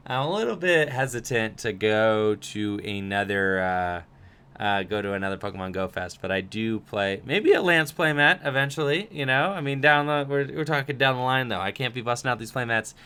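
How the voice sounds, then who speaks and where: A man's voice: medium pitch, normal speed, bright, forceful tone, smooth. A young man hosting a livestream Q&A, reading viewer questions aloud and answering casually with lots of fillers. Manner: chatty, reads chat questions aloud, many fillers.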